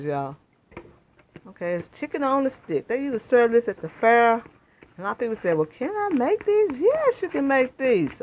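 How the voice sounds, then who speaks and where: A woman with a mid-range voice hosts a home cooking demonstration in her kitchen, with slight background noise. She chats in a homey way with viewers, calling them y'all.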